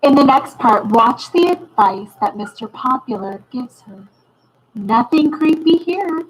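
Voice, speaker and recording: A woman's voice: high-pitched, animated, a little slow, slightly rough, rough recording. A woman narrating a conspiracy commentary over video clips, with speculative, insinuating asides.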